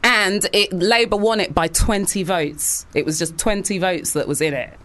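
Earnest commentator, animated talk. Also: medium pitch. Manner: earnest, fast and animated, with frequent fillers and restarts. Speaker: political commentator. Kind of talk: casual political chat.

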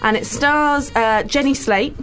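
A woman's voice: high voice, measured pace, a bit bright, faint music behind. A woman in her twenties reviewing films on a radio show, chatty and mock-exasperated. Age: 20s. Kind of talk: casual on-air chat and review.

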